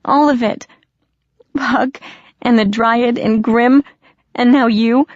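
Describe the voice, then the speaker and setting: A woman reads the part of a distraught young heroine, begging through tears with a choked voice that keeps falling to a whisper. She sits low and gravelly, the reader's own voice, close and dry on a slightly dull recording. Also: lively intonation, measured pace, a little mellow, no room sound, exaggerated voice. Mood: tearful.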